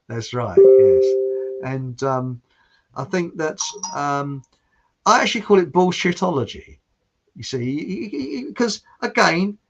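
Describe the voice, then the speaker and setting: A man's voice: fairly high pitch, a bit bright. An older man hosting a rambling, jokey monologue, chatty and often breaking off his own story. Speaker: host. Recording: dull lo-fi sound.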